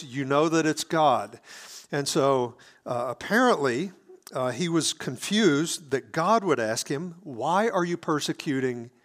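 A man preaching a sermon, explaining scripture earnestly, often restarting his phrases. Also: a little high.

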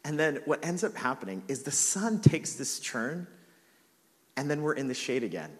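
A man's voice: a little high, animated, moderate pace, long reverb tail. A man preaching a sermon as pastor, telling a funny personal story about himself with lots of casual fillers. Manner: storytelling with self-mocking humor and laughs.

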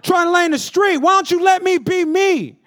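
A man's voice: extremely high pitch, fairly quick, a bit bright, voice pushed up. A man doing the voice of his defiant young son, who whines and pleads to keep playing in the street. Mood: whiny, defiant. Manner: whiny, pleading complaint.

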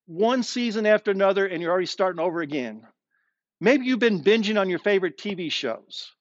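A male pastor preaching a streamed sermon, slowing down and dropping his voice low to stress key words. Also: dry recording, lo-fi sound. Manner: expressive preaching, slows down and drops low for emphasis. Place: streamed sermon with online chat.

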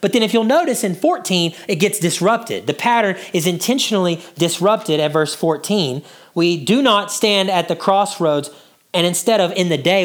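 Preacher guy teaching a sermon, voice bouncing all over, quizzes the room, goes quiet to pull people in. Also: high-pitched, expressive, moderate pace. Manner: teaching, asks the congregation questions; drops to a hushed voice to draw listeners in. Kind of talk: expository sermon.

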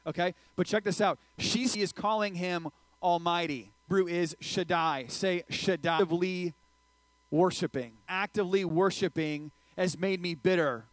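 Guy preaching, jokey, gets loud then quiet, no room echo. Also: sits high, normal speed. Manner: lively, joking, swings loud and quiet. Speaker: pastor. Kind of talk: sermon.

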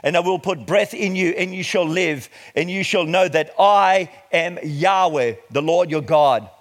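A middle-aged man preaching a sermon, reading scripture slowly and with emphasis before explaining it. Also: sits high. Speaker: pastor.

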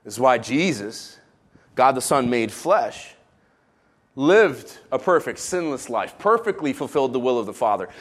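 A man raised in Israel delivers a sermon in a fairly high voice. He preaches in an animated, joking way, jumping from loud emphasis to hushed, quiet asides. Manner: animated, jokey preaching with sudden quiet drops. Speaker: pastor.

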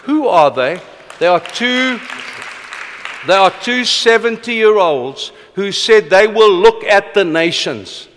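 Passionate preacher guy, high voice, big echoey church hall, speeds up then slows right down. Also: animated, a bit bright, some chatter behind, slight background noise. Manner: passionate, fast-paced with sudden slow emphatic drops. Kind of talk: sermon. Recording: long reverb of a large hall.

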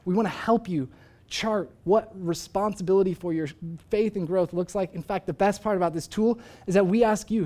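A man's voice: sits high, normal speed, warm tone. A young man, a pastor, preaching a sermon in a conversational, storytelling way, full of casual asides. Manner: conversational storytelling, uses "like" often.

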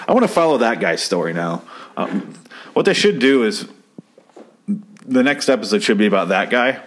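Profane, sarcastic low-voiced man. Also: a little hiss or hum. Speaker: commentator reviewing a TV episode. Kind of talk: casual chat.

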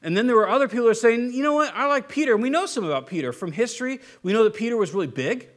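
A man preaching a casual, joking sermon as a pastor, with animated delivery and frequent restarts. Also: sits high, racing. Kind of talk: conversational Bible teaching sermon.

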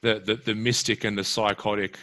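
A man with a very low voice that still sounds bright and forward. He muses thoughtfully in a casual conversation, weighing ideas as he speaks. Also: level tone, fairly quick. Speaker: practitioner working with clients.

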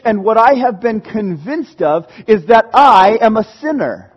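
A male pastor with a high, husky voice delivers a lively, conversational sermon in a church. He talks easily with the congregation and sometimes breaks into shouts. The recording is muffled and lo-fi. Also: a little slow, hardly any pauses.

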